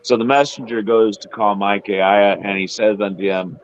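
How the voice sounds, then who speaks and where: A man's voice: fairly low pitch, fairly even intonation, normal speed, hardly any pauses, muffled recording, a little hiss or hum. A man hosting a casual Bible discussion who retells the stories, putting on voices for the quotes. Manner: retells scripture with playful acted quotes. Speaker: Bible study host.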